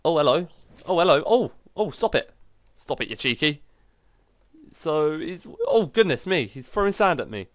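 A man commenting on his video game play in an excitable, exclaiming way. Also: fairly high pitch, measured pace, dry recording, clean studio sound. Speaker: gaming channel host. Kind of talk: gameplay commentary.

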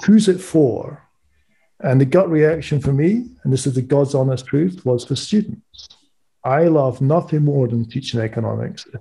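A man with a Scottish accent, a guest telling stories in a lively, witty way during a casual podcast interview. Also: medium pitch, creaky. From Scotland. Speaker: guest, music economist and author.

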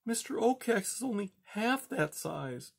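A man voicing a small, frightened young female mouse in a high, trembling, small voice for a storybook reading. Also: slow pace, gravelly, a bit bright, heavily acted.

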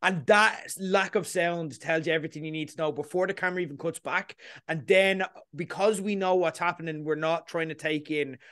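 Man, podcast host, casual chat, fairly high voice, dry sound. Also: a little fast, hardly any pauses, dry recording. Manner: animated, repeats himself, leans on "you know what I mean". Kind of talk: casual chat about a TV episode.

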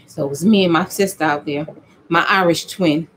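A woman's voice: low voice, moderate pace, slight background noise. Chatty woman vlogging while making soap. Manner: chatty, animated storytelling with playful dialect.

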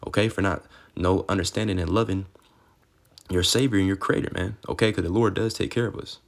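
A man's voice: low voice, fairly even intonation, a little fast, gravelly. A young man giving an informal, rambling Bible teaching, cursing freely and tagging his lines with "man" and "okay". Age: young adult. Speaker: street preacher.

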